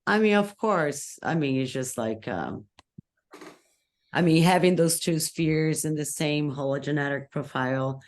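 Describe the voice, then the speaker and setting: A woman's voice: low-pitched, unhurried. Casual chat, woman, curious and questioning, works ideas out aloud. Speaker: group discussion member.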